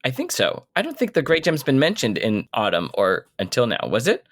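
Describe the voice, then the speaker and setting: A man co-hosting a podcast, chatting casually and asking questions about a fantasy novel in a relaxed way. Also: medium pitch, brisk. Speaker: podcast co-host. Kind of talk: casual book discussion.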